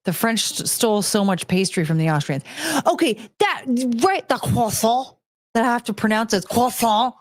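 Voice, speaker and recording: A woman's voice: fairly high pitch, lively intonation, normal speed. An American woman hosting a casual livestream, ranting loosely and swearing as she talks to her chat. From United States. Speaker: streamer host.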